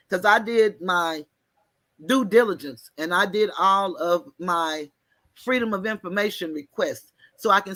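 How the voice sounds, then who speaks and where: A woman telling a story in an animated, folksy way, mixing slang and cussing. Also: fairly low pitch, dry recording. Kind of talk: casual storytelling.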